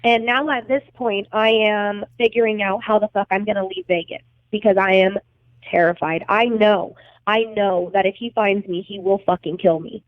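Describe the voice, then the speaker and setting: A woman's voice: mid-range voice, fairly even intonation, moderate pace, no echo. A young adult woman recounting events as a podcast guest, blunt and agitated, swearing heavily. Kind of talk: emotional storytelling interview. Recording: tinny phone-like line, dry.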